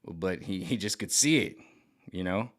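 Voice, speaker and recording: A man's voice: sits low, expressive, unhurried, fairly bright tone. A middle-aged man talking in a rambling, agitated vlog monologue, repeating himself and restarting often. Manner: mimics other voices sarcastically. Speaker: vlogger.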